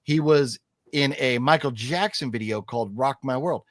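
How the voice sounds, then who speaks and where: A man's voice: medium pitch, moderate pace, no room sound, clean studio sound. A man hosting a casual live stream, chatting and reading viewer comments aloud with lots of fillers. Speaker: host.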